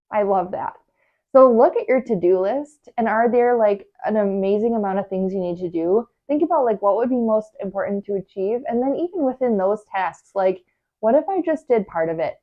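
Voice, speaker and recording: A woman's voice: medium pitch, expressive, normal speed, dull audio. A woman hosting a podcast, giving casual advice in a chatty way full of fillers and acted inner voices. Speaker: podcast host, organizing coach.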